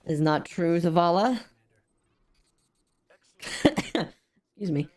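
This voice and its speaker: A woman with a low-pitched voice talks over a game she is streaming. She rambles with plenty of ums, and she sounds unwell and drained of energy. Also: lively intonation, very slow, a little mellow. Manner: rambling, frequent laughs and ums. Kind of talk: casual gameplay commentary.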